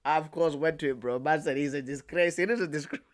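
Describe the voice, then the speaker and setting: A young man with a fairly high voice streams in a loose, chatty way. He piles on slang like "bro" and "fam," trips over his own words and repeats phrases as he reacts to his chat. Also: fast talker. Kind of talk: casual live commentary reacting to chat.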